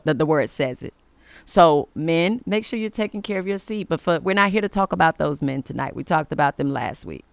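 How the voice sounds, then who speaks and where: A woman's voice: deep voice, no echo. A woman hosting an inspirational faith podcast, speaking emphatically in the manner of a preacher and giving blessings. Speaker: podcast host.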